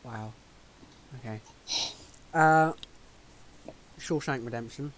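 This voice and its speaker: A man's voice: medium pitch, takes it slowly. A man co-hosting a casual podcast chat, full of teasing jokes and banter. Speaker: podcast co-host.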